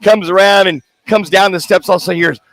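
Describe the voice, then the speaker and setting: A man's voice: high-pitched, steady tone, fast talker, fairly bright tone, dry recording. Rambling sports radio co-host, man. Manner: rambling storyteller with many restarts. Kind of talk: casual sports talk. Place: sports bar, live remote broadcast.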